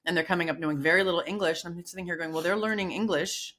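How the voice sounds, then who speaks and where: A woman's voice: fairly low pitch, very fast. A middle-aged woman co-hosting a podcast in casual chat, telling stories with lots of restarts and acted-out quotes. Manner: animated storyteller, many restarts and acted quotes. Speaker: podcast co-host.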